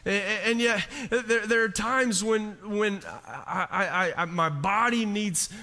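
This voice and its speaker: A man preaching a sermon in a long, echoing hall. His voice is bright and fairly high for a man. He talks casually, cracks jokes, stumbles and restarts often, and acts out the people he quotes. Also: slow. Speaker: pastor.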